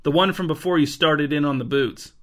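A man's voice: a little high, a little fast, a bit bright, close to an everyday voice. A man voicing a mild, earnest young king who sounds plaintive, in a storybook reading.

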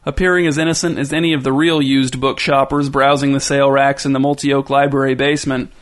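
A man reading a story aloud as narrator, with even, wry narration. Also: mid-range voice, brisk.

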